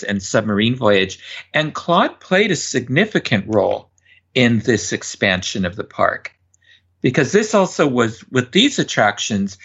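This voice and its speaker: A man's voice: mid-range voice, fairly bright tone, breathy edge. A man hosting an interview podcast, reading prepared lead-ins before asking his guests questions. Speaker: podcast host. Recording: dull lo-fi audio.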